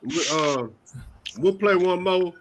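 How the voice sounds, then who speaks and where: A man's voice: sits high, takes it slowly, noisy background. A man hosting a casual interview, laid-back and affirming in his slang. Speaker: podcast host.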